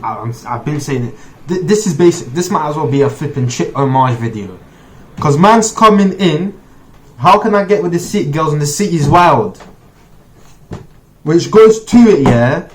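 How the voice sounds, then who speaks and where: A man's voice: on the high side, normal speed, a little hiss or hum. A young man, reacting to a track in slangy, emphatic casual commentary. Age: 20s. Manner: emphatic, slangy, bursts of excitement. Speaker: reaction video host.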